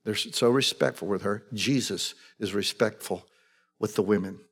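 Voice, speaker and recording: A man's voice: on the low side, moderate pace, husky, long reverb tail. A man preaching a sermon as pastor, telling the story conversationally and acting out the people in it.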